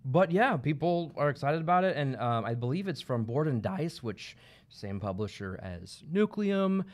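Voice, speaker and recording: A man's voice: medium pitch, big pitch swings, normal speed. A man co-hosting a game store livestream in casual chat, laid-back and joking, with plenty of fillers.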